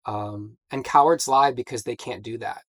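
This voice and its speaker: A man's voice: medium pitch, moderate pace, fairly bright tone, dry recording. A man in his forties, speaking as a podcast guest in a candid, reflective way with many fillers. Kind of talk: candid conversation.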